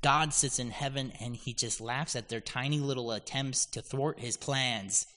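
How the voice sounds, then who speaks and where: A man of middle pitch preaches a sermon through a psalm, explaining it earnestly to his listeners. His voice rings with the long reverb of a large hall, and he leans hard into the lines he speaks as God's words. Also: moderate pace, few pauses, pushed and bright.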